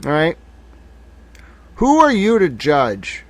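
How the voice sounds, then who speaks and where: A man's voice: medium pitch, animated, moderate pace, dry recording. A man in his thirties hosting a live stream, ranting in a heated, profane way. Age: 30s. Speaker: livestream host.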